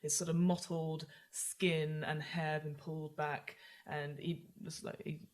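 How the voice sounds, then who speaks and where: A woman's voice: low voice, level tone, a little slow. A woman narrating as game master, describing scenes in a chatty, loose way.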